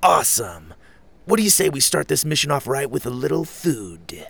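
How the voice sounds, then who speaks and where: A man's voice: on the high side, very animated, moderate pace, gravelly, fairly bright tone, pitched above the performer's own voice, heavily acted. A man voicing an impulsive, cheeky boy in a children's story, blurting out lines breezily. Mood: cheerful. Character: goofy, impulsive young boy, a twin. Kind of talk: storybook character reading.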